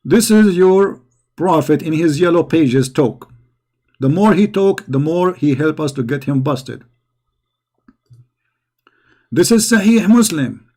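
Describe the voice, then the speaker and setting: A man's voice: a little high, lively intonation, takes it slowly, pauses often, a little mellow. A man giving a combative, mocking polemic monologue as a religious debater, speaking in broken English.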